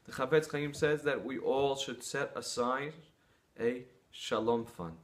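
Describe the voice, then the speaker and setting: A man's voice: mid-range voice, unhurried, a little hiss or hum. A man preaching an earnest sermon, telling stories and drawing lessons from them. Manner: earnest, storytelling, with some restarts.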